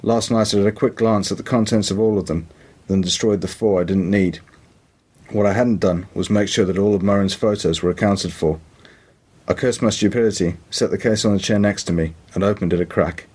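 A man's voice: fairly low pitch, steady tone, brisk, a little mellow, slightly rough. A man with a British accent reading a crime audiobook in a dry, matter-of-fact way. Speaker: narrator. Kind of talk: audiobook narration.

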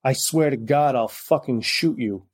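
A man's voice: medium pitch, measured pace, lightly acted. A man voicing a wounded, dying male debtor who squeezes his words out in a strained, apologetic way. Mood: desperate.

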